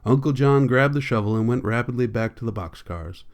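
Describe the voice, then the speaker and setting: A man narrates a novel for an audiobook at an unhurried, steady pace. His voice is smooth and clear, sitting at an ordinary middle pitch for a man, and he gives the characters' lines a light touch rather than full acting. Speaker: audiobook reader.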